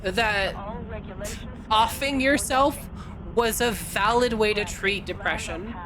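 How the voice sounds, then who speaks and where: A woman's voice: mid-range voice, a little slow, crowd noise. A woman from California streaming a game, chatting casually and teasing her chat in a playful way.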